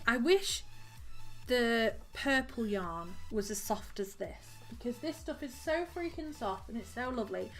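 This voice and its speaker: A woman live-streaming as she crochets at home, chatting casually and giggling, and counting her stitches aloud. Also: fairly high pitch.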